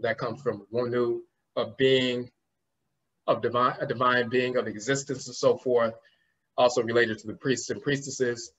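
A man's voice: mid-range voice, little pitch movement, normal speed, fairly bright tone, a little hiss or hum. A man giving a conference lecture, explaining word roots and spelling terms out letter by letter, often trailing off with "and so forth". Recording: slightly muffled lo-fi recording.

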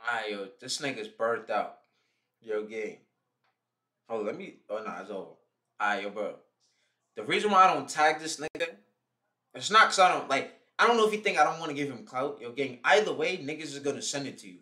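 A man's voice: medium pitch, lively intonation, a little fast, sharp tone. A young man live streaming, roasting someone in a heated, mocking, profane rant. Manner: mocking, heated, swears constantly.

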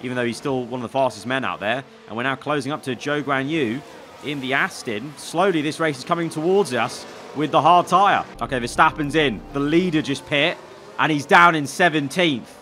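A young man commentating live as he plays a racing management game, excitable and talking to himself. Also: medium pitch, moderate pace, a little hiss or hum. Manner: excitable, talks to himself while managing the race. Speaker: gaming YouTuber.

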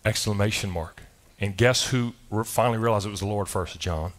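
A man's voice: on the low side, brisk. A man preaching a sermon in a loose, conversational style, often restarting his sentences and asking rhetorical questions. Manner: loose delivery with frequent restarts. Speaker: pastor. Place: church service.

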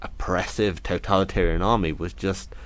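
A young man from Britain, appearing as an interview guest, recounts his story in a very low, steady voice, earnest and thoughtful. He repeatedly stumbles and starts over, pausing now and then to quote people he met.

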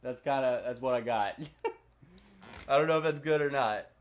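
A man's voice: mid-range voice, normal speed. A young man casually commenting while he plays a video game, swearing often and chatting with viewers. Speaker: gaming video host.

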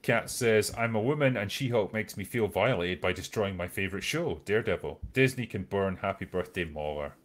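A man's voice: lowish voice, fairly quick, few pauses. A man hosting a casual online chat show, reading out viewer messages and chatting in a loose, filler-heavy way. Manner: relaxed, hesitant with many fillers.

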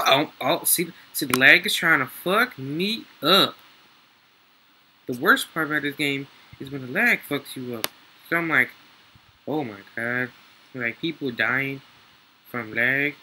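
A young man, excitedly commentating his gameplay, slangy and swearing freely. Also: fairly high pitch, a little hiss or hum, rough recording. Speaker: gaming YouTuber.

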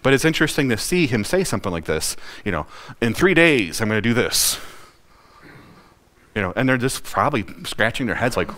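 A man's voice: mid-range voice, sing-song, brisk, fairly bright tone. A man preaching a conversational sermon, asking questions and briefly acting out the people in the story. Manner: folksy, asks the congregation questions, acts out quoted voices. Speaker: pastor.

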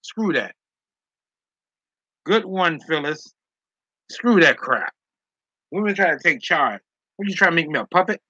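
A man's voice: on the high side, expressive, measured pace, pauses often, bright, forceful tone, slightly rough, no room sound, highs cut off. A man on a casual live stream, reading chat comments aloud and teasing viewers with jokes and frequent laughter. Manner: teasing, joking, laughs often.

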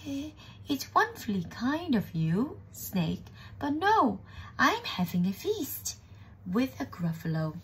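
A woman voicing a clever little mouse who talks in a brisk, cheeky, boastful way in a storybook reading. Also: high voice, huge pitch swings, a bit bright, slightly rough, voice pushed up, heavily acted.

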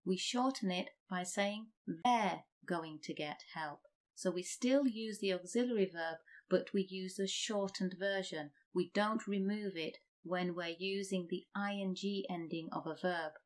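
A woman teaching English grammar, reading example sentences slowly and deliberately. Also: medium pitch. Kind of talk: slow scripted grammar lesson.

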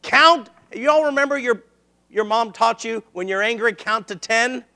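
At a normal speed, a middle-aged pastor preaches in a high, bright voice with a gravelly edge. His storytelling is lively and animated, and he slips into the voices of the people he quotes.

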